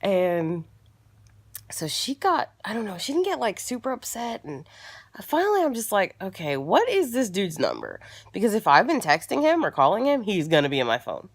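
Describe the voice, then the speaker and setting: A young adult woman, pregnant, telling a story casually to her viewers, dropping into hushed asides now and then. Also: medium pitch, moderate pace, dry recording. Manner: animated, drops to hushed asides. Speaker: vlogger.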